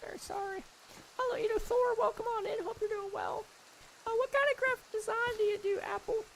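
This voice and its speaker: A man streamer voicing a sweet, sour old lady in a high falsetto while chatting with viewers. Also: fairly even intonation, brisk, creaky, very noisy. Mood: chatty. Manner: chatty, apologetic, answers chat as he goes. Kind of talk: live stream chat.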